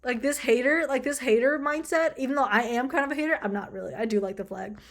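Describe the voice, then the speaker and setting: A woman's voice: sits high, fast, fairly bright tone. A young woman chatting casually as she reacts to designs, full of fillers and easy swearing. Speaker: vlogger. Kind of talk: casual commentary video.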